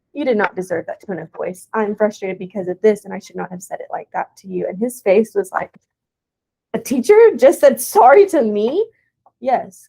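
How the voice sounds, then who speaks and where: A woman's voice: medium pitch, creaky, dark tone, husky, rough recording. A young woman teacher giving a casual presentation to teaching aides, with plenty of "um"s along the way. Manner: casual, with many "um"s and "y'all".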